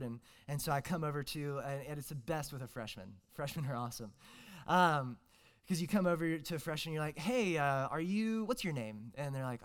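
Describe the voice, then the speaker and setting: A man's voice: on the high side, clean tone. A young man, preaching a casual, joking sermon as a guest preacher, full of fillers and restarts.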